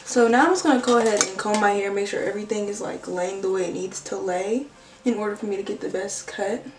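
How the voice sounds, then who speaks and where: A woman's voice: medium pitch, steady tone, fast, distant mic. A young woman chatting casually as she cuts a wig in a beauty vlog, full of slang and fillers like "like". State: out of breath. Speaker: beauty vlogger. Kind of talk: casual hair tutorial chat. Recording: roomy echo, mic set back, faint music.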